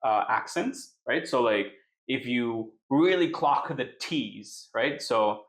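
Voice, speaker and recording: A man's voice: mid-range voice, lively intonation, slow, fairly bright tone, roomy sound. A man co-hosting a podcast, explaining in a casual chat and tagging his points with "right?". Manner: explains with many "right?" tags. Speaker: podcast co-host.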